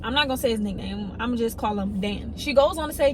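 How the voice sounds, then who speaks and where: A woman's voice: fast, slight background noise, rough recording. A young woman, telling a story casually and acting out the people in it. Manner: animated storytelling, quoting others in excited high voices.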